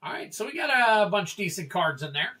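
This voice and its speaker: A man's voice: high voice, big pitch swings, fairly quick, sharp tone. A man hosting a casual card-opening livestream, chatting freely and reading card names and prices aloud to his viewers.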